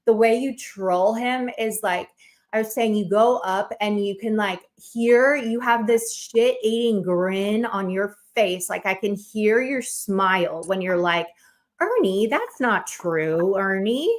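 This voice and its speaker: A woman's voice: mid-range voice, unhurried. A woman chatting casually on a livestream, rambling with lots of fillers and bursts of laughter.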